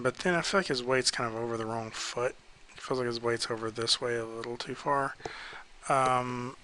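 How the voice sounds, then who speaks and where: A man's voice: mid-range voice, slight background noise, rough recording. A man giving casual spoken feedback on pose drawings while sketching, hesitant and full of fillers. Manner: relaxed, hesitant, many ums and likes.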